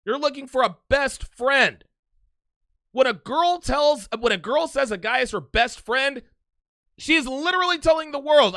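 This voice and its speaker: A man's voice: high-pitched, gravelly, sharp tone, dry recording. A man doing mocking reaction commentary, emphatic and sarcastic, on a close microphone. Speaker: commentary host.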